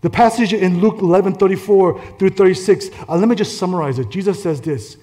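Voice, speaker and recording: A male pastor preaching a conversational sermon, telling stories in an animated way and laughing through them. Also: sits high, a little fast, hardly any pauses. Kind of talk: storytelling sermon.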